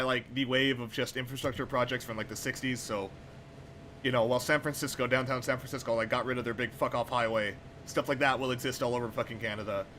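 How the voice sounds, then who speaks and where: A young man talks over a train simulator stream in loose, casual commentary. He wanders off on profane tangents with wry asides. His voice sits at an ordinary middle pitch. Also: bright, forceful tone, a little hiss or hum.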